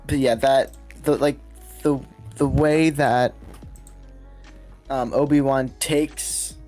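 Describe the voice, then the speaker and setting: Slow, halting podcast co-host. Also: medium pitch, fairly even intonation, mellow, soft background music. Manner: hesitant, halting. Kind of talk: casual fan discussion.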